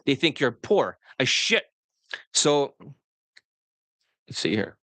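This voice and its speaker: A man's voice: mid-range voice, very animated, takes it slowly, a bit bright, dry recording. A man coaching on dating straight to the camera, blunt and profane, addressing his viewers directly.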